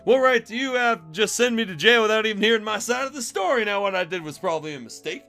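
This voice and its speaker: A man's voice: high voice, animated, fast, gravelly, sharp tone, faint music behind, pitched above the performer's own voice, full character voice. Man doing an indignant pleading guy. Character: defensive aggrieved young man.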